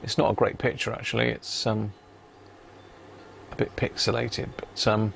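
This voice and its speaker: A man's voice: on the low side, level tone, moderate pace, gravelly, fairly bright tone, a little hiss or hum. A man chatting casually on a live stream while he repairs a radio in his home workshop, rambling and muttering to himself as he works.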